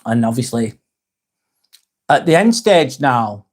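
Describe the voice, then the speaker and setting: A man's voice: medium pitch, very animated, slow. A man hosting a live stream, reading chat comments aloud, swearing heavily, then apologizing.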